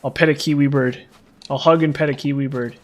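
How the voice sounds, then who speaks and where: A man talks casually while he plays a video game, rambling along with plenty of fillers and restarts. His voice sits at an ordinary middle pitch. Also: fairly even intonation, fairly quick. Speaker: gaming streamer.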